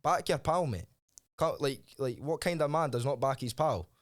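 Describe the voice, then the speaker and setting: A man's voice: medium pitch, animated, moderate pace. A man with a Scottish accent, a fighter guest in casual podcast chat, brash and jokey. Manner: brash, jokey trash talk. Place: podcast studio.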